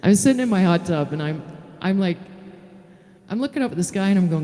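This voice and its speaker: Mellow-voiced woman telling stories. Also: low voice, quick pace. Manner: lively storyteller, chatty and frank. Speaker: singer-songwriter. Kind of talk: live-stream storytelling. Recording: reverberant room with faint guitar.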